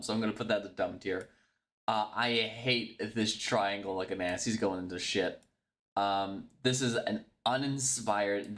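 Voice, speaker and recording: A man's voice: mid-range voice, fairly bright tone. A man thinking aloud on his stream, with a voice that rises and dips a lot. He is blunt and mocking, and he swears casually as he judges each one. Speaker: streamer ranking football club logos. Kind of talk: casual solo commentary.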